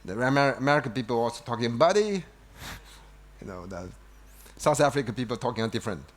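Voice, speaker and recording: A man giving an unscripted keynote on an event stage, halting, with many restarts and fillers like "you know". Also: mid-range voice, expressive. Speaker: company executive giving a keynote. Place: event stage before an audience.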